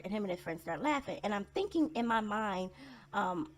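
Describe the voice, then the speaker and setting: A woman's voice: mid-range voice, expressive, moderate pace. A woman telling personal stories in a casual vlog monologue, blunt and sarcastic in a conversational way.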